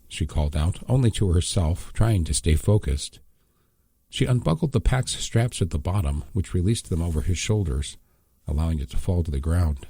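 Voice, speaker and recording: A man reading an audiobook in scripted, measured narration. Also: sits low, dark tone, slightly rough, no echo, clean studio sound.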